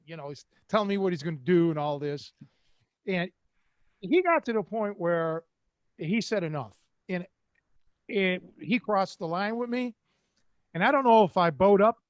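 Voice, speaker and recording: This older Cleveland, Ohio man speaks in a high voice, caught on a dry recording. As host, he spins casual, rambling stories with a streetwise edge and does voices when quoting others.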